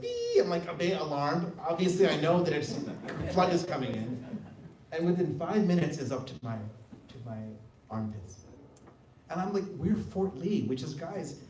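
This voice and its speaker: A middle-aged man tells a personal story to a gathering, bringing it to life with playful voices for the people he quotes. His tone is mellow and soft-edged. He sounds set back from the mic in a roomy hall, with a faint hum of room noise behind him. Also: on the high side, recorded from a distance. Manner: animated storyteller, mimics voices when quoting. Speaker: devotional speaker. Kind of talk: personal testimony talk. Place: hall at a spiritual center.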